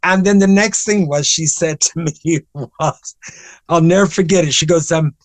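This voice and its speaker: A man's voice: a little high, normal speed, dry recording, poor audio. Chatty older man telling stories. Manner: chatty, rambling, with many restarts and ums. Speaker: interview guest. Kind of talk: animated anecdotal storytelling.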